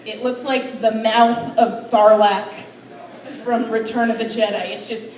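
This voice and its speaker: A young woman doing crude, playful stand-up at an open mic in a bar. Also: on the high side. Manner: brash, crude, playful punchlines. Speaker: stand-up comedian. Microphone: far camera recording a stage. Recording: roomy bar sound from far off.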